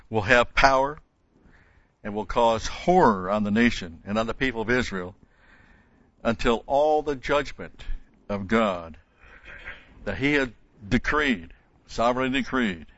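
Low-voiced man teaching scripture. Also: measured pace, long pauses, dry recording. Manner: emphatic, repeats key words for stress. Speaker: Bible teacher. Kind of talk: expository sermon. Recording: dull, dry lo-fi recording.

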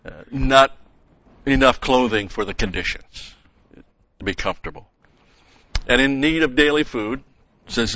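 A man teaching a verse-by-verse Bible lesson, methodical, explaining grammar and pausing with "okay?" and "uh". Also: mid-range voice, bright, forceful tone, no echo, highs cut off.

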